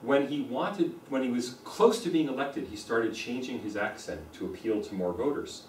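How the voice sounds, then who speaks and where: A man's voice: mid-range voice, moderate pace, recorded from a distance, a little hiss or hum. American man lecturing in a roomy hall. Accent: General American. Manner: explanatory, repeats points for emphasis. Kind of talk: university lecture. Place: lecture room. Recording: roomy echo, speaker away from the mic.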